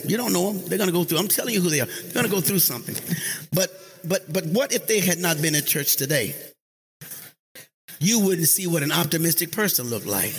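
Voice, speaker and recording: A pastor preaching a sermon to his congregation, leading call-and-response and drifting into sung, chanted phrases that rise into high shouts. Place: church sanctuary.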